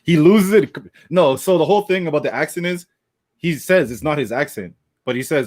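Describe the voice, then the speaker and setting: A man co-hosting a podcast, telling stories in an animated, casual way and swearing freely. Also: fairly high pitch, fairly quick. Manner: animated storytelling with profanity. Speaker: podcast co-host. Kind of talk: casual chat.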